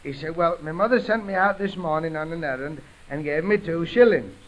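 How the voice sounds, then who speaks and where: A man's voice: fairly high pitch, brisk. A young man with a Yorkshire accent doing chatty, punchline-driven music hall patter, on a dull 1929 gramophone recording. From England. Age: 20s. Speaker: comedian. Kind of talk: music hall comic monologue.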